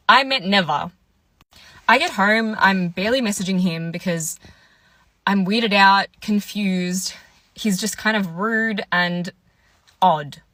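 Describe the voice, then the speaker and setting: Taking it slowly with long pauses, a young woman in a medium-pitched, pushed and bright voice retells a dating story with no room sound. This casual storytime is chatty and exasperated, with her voicing both people's lines.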